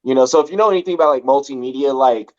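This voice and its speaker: A man's voice: mid-range voice, very fast, darkish tone. Rambling, profane man from LA, lo-fi. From Los Angeles. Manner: rambling and profane, heavy use of "like". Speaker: podcast host. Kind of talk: casual storytelling chat.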